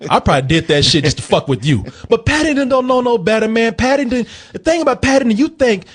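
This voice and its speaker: A man's voice: extremely high pitch, animated, quick pace. A man hosting a casual film review show, telling the story in a profane, rambling, joking way. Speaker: film review podcast host. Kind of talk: casual comedic chat.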